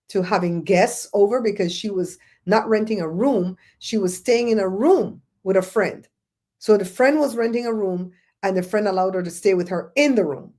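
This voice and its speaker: A woman's voice: mid-range voice, darkish tone. A middle-aged woman hosting a casual talk show, ranting bluntly and telling stories with mocking quoted voices. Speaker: host.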